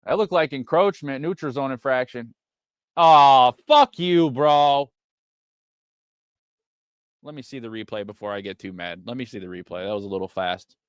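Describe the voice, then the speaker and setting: A man streaming a watch party, giving casual play-by-play commentary that turns excitable and profane when frustrated. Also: lowish voice, fast talker, hardly any pauses, dry recording, studio quality. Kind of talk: casual live game commentary.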